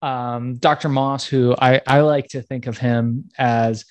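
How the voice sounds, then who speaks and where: Male co-host, friendly and brisk, mid pitch, dry sound. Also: steady tone, no echo. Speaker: podcast co-host. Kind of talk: casual talk-show chat.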